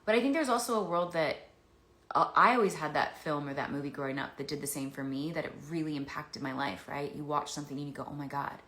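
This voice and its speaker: A woman's voice: sits low, quick pace, fairly bright tone, slight background noise. A woman answering fan questions in a casual livestream chat, rambling with many restarts. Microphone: phone. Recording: echoey room.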